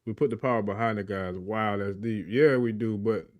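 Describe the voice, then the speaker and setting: A man's voice: fairly low pitch, steady tone, normal speed. A man co-hosting a livestream who chats casually, emphatic and hyped, calling the people around him family. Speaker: livestream co-host.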